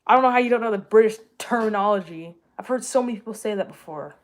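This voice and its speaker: A young woman chats with viewers in a loose, rambling way. She keeps correcting herself mid-sentence and jokes as she goes. Her voice sits at an ordinary middle pitch. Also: fast talker. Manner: rambling, self-correcting, jokey, with laughs. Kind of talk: casual chat answering viewers.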